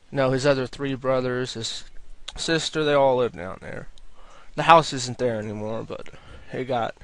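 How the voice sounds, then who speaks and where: A man's voice: medium pitch, fairly bright tone, dry recording. A young man answering viewer questions in a casual, rambling video, often repeating himself and restarting sentences.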